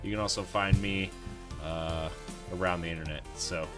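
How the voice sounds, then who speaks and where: Man, podcast outro, lowish voice, relaxed, music playing behind. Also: normal speed. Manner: easygoing, reads out links with fillers. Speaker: podcast host.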